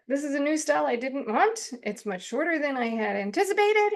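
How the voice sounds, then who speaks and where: Chatty woman counselor, slightly high voice. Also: animated, a little fast. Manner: chatty, laughs often, acts out her own complaints. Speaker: counselor teaching self-help skills. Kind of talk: informal teaching monologue.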